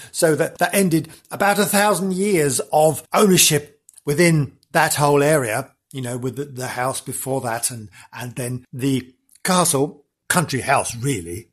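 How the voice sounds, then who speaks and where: A man hosts a podcast and tells the story with theatrical gusto, piling on exclamations and jokes. His voice sits fairly high and swoops widely, with a slightly husky edge. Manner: theatrical and gushing, with big exclamations and self-aware jokes. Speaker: podcast host. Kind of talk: chatty comic storytelling.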